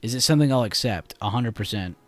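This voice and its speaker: A man's voice: medium pitch, lively intonation, fast talker, no room sound. A young man hosting a livestream, chatting casually and laughing easily in a laid-back, slangy way. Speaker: trading livestream host.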